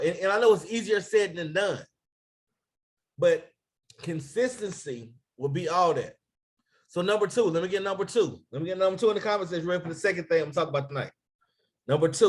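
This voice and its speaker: Man, business coach, fairly high voice, energetic live-stream pep talk, calls for comments. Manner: energetic, calls for comments, shouts out viewers by name. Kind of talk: motivational team training on a live stream.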